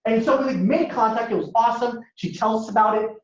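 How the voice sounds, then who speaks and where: A man giving a lively storytelling talk as a guest speaker at a university, acting out dialogue in a casual way. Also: very high-pitched, fast. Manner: animated, acts out dialogue, casual. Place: university lecture hall. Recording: echoey hall, dull lo-fi sound.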